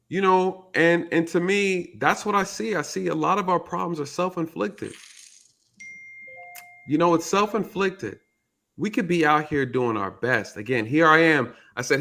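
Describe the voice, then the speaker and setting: A man's voice: fairly high pitch, normal speed, gravelly, sharp tone. A man who is a retired police officer, hosting a casual commentary show, emphatic and repeating his key points.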